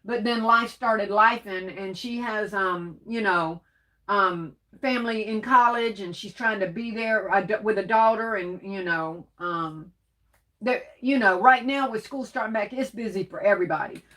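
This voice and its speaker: A woman's voice: medium pitch, normal speed, a bit bright. Lady chatting on a craft livestream, calls everyone baby, sniffly and sneezy. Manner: affectionate, calls viewers baby and darling. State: sneezing and coughing. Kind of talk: casual livestream chat reading comments.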